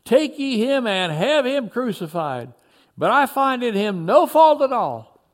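A man reading a biblical story aloud, voicing a stern, exasperated Roman governor in slow, formal, archaic speech. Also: very high voice, sing-song, pitched above the performer's own voice, exaggerated voice.

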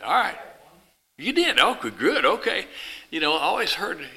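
A man's voice: high voice, sing-song, normal speed, creaky, bright, forceful tone, rough recording. A man preaching a sermon to a congregation, telling a folksy illustrative story in a rambling way with restarts.

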